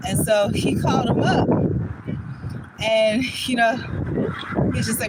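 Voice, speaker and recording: A woman's voice: fairly high pitch, measured pace, pauses often. A woman vlogging outdoors while walking her bike down a street, out of breath, telling a rambling story with lots of fillers. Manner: chatty, rambling, many fillers. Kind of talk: casual storytelling vlog. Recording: loud outdoor street noise.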